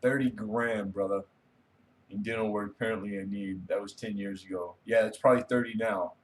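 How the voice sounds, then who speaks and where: A man's voice: lowish voice, steady tone, a little fast, slight background noise. A man hosting a casual late-night livestream, rambling easily and reading viewer comments aloud. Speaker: livestream host.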